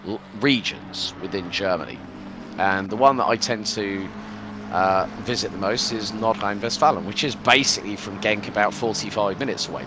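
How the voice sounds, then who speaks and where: A man's voice: fairly low pitch, noisy background. A man from the UK commentating a live sim race, chatty and rambling with lots of fillers. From United Kingdom.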